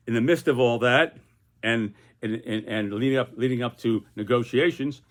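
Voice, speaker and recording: A man's voice: medium pitch, moderate pace. Older man rambling with restarts. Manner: rambling, many repeated restarts. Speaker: political cartoonist. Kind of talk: casual video commentary.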